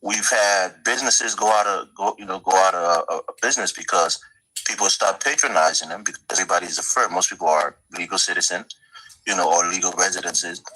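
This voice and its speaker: A man from the Minneapolis area arguing a political point earnestly, halting and restarting often. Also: low voice, pushed and bright, breathy edge, poor audio. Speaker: debate guest. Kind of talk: political debate.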